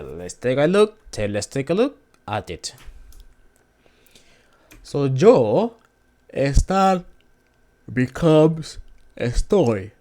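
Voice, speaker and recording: Slow, halting man teaching a lesson. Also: mid-range voice, a little mellow. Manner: halting, with frequent restarts and repeated drill words. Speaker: language lesson host. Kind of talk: informal language lesson.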